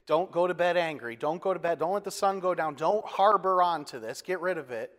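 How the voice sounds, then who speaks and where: High-voiced man preaching in a reverberant hall. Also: brisk. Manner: conversational preaching with folksy asides and self-deprecating humor. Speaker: pastor. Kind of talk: sermon.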